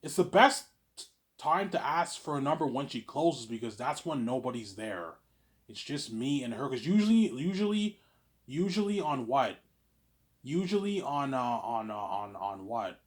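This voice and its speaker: A man's voice: mid-range voice, sing-song, moderate pace. A man speaks to camera in a loose, rambling monologue. He stutters through filler words and repeats himself often, with a middling voice and an everyday delivery. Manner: stammering, repeats words, keeps saying "obviously". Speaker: vlogger.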